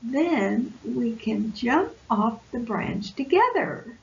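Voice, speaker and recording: A woman voicing an eager, bold young male possum from a picture book, speaking in a quick, excited way. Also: a little high, vocal fry, highs cut off, a little hiss or hum, heavily acted. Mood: happy.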